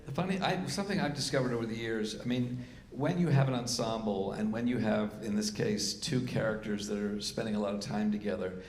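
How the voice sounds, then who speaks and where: A man's voice: on the low side, brisk, hardly any pauses. A man, a festival artistic director, interviewing a guest on stage, with frequent affirming backchannels. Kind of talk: onstage festival discussion. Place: festival event venue. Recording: echoey room, faint noise.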